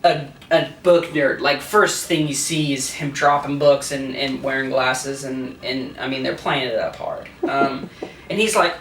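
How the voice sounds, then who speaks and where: A man's voice: a little high, measured pace, fairly bright tone, reverberant, far from the mic, slight background noise. A tipsy man rambling through a crude, laughing comic retelling of a play. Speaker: host.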